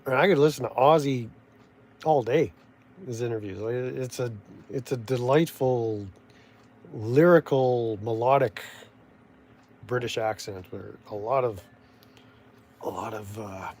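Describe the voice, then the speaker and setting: A man's voice: mid-range voice, a little slow, pauses often, a little mellow, slight background noise. A man with a Canadian accent giving rambling, sardonic casual commentary, often restarting and losing his thread. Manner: meandering, sardonic, full of restarts and trailing thoughts. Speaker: vlogger.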